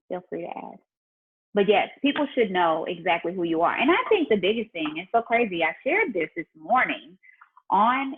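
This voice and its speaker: An entrepreneur and business mentor with a husky, breathy, fairly low voice chats warmly and openly about faith and business in a casual livestream Q&A. She talks straight to her followers, and the audio is thin and tinny, like a phone call.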